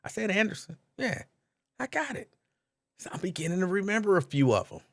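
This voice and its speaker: A man's voice: sits high, big pitch swings, fairly quick, gravelly. A man hosting a live call-in stream, chatting casually, reading out viewers' names and laughing easily.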